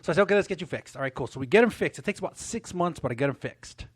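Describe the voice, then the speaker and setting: A man's voice: a little high, expressive, racing, husky, dry recording, clean studio sound. A middle-aged man co-hosting a casual chat, telling a story earnestly and repeating words as he goes. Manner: earnest, repeats words, acts out callers in quotes. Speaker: podcast co-host, mortgage loan officer.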